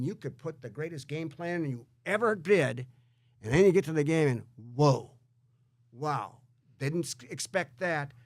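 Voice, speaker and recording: A male host in a conversational interview, speaking in an animated way and often repeating words as he gets going. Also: a little high, dry recording. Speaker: show host.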